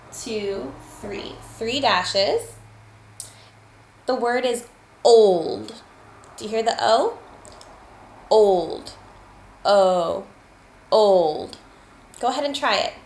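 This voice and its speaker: Patient woman teacher, slow and clear, slightly high voice, roomy echo. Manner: slow, patient, sounds out words and counts aloud. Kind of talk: spelling lesson for children. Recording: echoey room, faint ambient noise.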